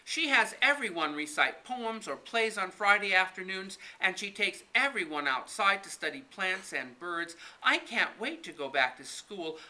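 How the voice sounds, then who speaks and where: A man's voice: high voice, measured pace, few pauses, pitched above the performer's own voice, full character voice, rough recording. A man voicing an eager, dramatic young girl in a storybook reading. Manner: excitable, theatrical.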